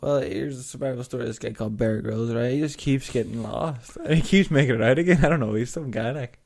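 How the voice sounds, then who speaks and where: A man's voice: medium pitch, fast talker, creaky, a little mellow. A young man co-hosting a podcast, giggling and teasing in casual banter. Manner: giggly, teasing, swears freely. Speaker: podcast co-host.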